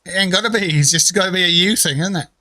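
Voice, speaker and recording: A man's voice: sits high, fast talker, pushed and bright, dry recording. A man live-streaming a game, chatting casually with viewers in a rambling, joking way and swearing freely. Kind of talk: casual live-stream chat while gaming.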